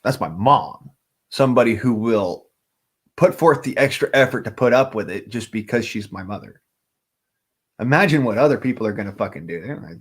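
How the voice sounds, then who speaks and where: A man's voice: lowish voice, animated, moderate pace, husky. A man talking casually on a livestream, rambling from thought to thought and swearing often.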